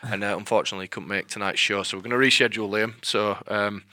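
Yorkshire lad, podcast host, bright rapid chatter, dry close sound, jokey and self-mocking. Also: male voice, fairly low pitch, steady tone, no echo. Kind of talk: casual chat.

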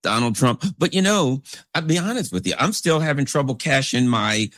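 A man's voice: medium pitch, expressive, moderate pace, fairly bright tone, no room sound, studio quality. A man delivering a rambling, sarcastic political commentary monologue as host.

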